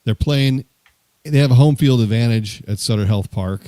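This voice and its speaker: A man co-hosting a casual sports talk stream, talking through the team in a measured way with some fillers. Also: mid-range voice, warm tone, no room sound. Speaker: sports show co-host.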